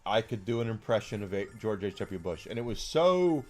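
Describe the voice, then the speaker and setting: A man's voice: on the low side, sing-song, fairly quick, darkish tone, faint music behind. A man in his forties chatting casually and outspokenly as a streamer, rambling with many fillers. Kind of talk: casual chat while gaming.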